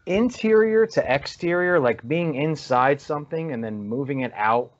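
A man's voice: a little high, lively intonation, moderate pace, no echo. A man co-hosting a podcast, enthusiastically rambling through descriptions of movie scenes. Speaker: podcast co-host and editor. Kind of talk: casual chat reviewing a movie. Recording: dry, slightly dull lo-fi sound.

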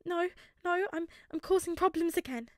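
High, teary teenage boy, stammering and gasping, put on by a woman narrator for a fanfic audiobook; dry, close sound. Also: a little mellow, no echo. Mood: tearful panic. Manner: stammering, halting apologies. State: crying, gasping. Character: panicked, tearful teenage boy hero.

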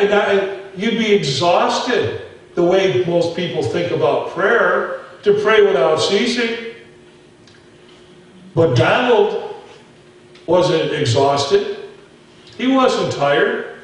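A man's voice: sits high, lively intonation, slow pace, long pauses, heavy reverb, far from the mic, rough recording. A man preaching a sermon as pastor, telling stories in a folksy way and talking straight to his folks in the pews. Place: church sanctuary.

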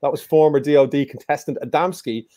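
A man's voice: fairly high pitch, fairly even intonation, fast talker, dark tone, dry recording, studio quality. A man hosting a live-streamed music quiz in a casual, joking, teasing way. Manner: joking, teasing, playful banter. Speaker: quiz show host.

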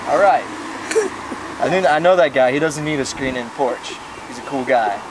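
Outdoors by a noisy street, a young man rambles at a moderate pace through an improvised comedy sketch as a goofy salesman. Early on he puts on a high voice.

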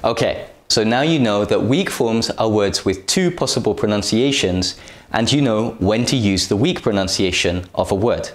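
A man narrating a scripted English pronunciation lesson, speaking carefully and deliberately with clear enunciation. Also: on the low side, lively intonation, echoey room.

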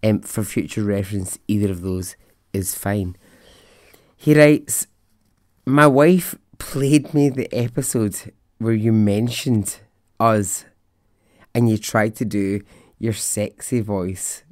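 Slow-talking Scottish man, podcast host. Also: on the low side, darkish tone, dry recording, studio quality. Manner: chatty and enthusiastic, rambling asides. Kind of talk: casual storytelling podcast chat.

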